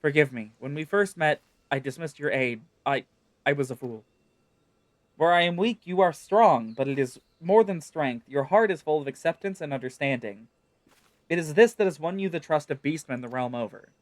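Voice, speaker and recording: A man's voice: fairly high pitch, expressive, normal speed, no room sound, close to an everyday voice. A man voicing a frail, wounded young woman in a game, speaking faintly and pleading earnestly.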